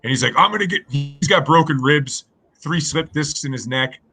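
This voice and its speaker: Bright-voiced man telling stories on a livestream. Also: moderate pace, faint music behind. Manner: animated storytelling, salesy pitches. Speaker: host. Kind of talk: casual livestream banter.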